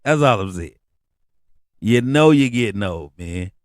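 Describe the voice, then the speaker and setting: Animated, slangy man telling stories. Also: a little slow, no room sound, studio quality. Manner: animated, slangy storytelling with rising pitch on asides. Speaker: podcast host. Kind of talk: casual comedic monologue.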